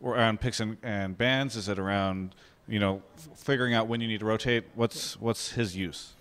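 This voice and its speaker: A man's voice: fairly low pitch, fairly even intonation, moderate pace, fairly bright tone, clear, resonant tone, long reverb tail. A man interviewing a player after a match, asking articulate, conversational questions.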